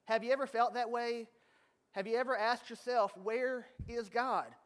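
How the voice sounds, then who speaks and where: High-voiced male pastor, casual storytelling sermon delivery. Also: fairly even intonation, normal speed. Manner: storytelling, joking with the congregation.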